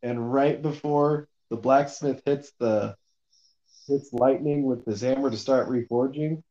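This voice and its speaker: Slow, mellow-voiced man recapping a book. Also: medium pitch, fairly even intonation, lo-fi sound. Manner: rambling, filler-heavy, swears casually. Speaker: podcast co-host recapping a book. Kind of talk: casual book discussion.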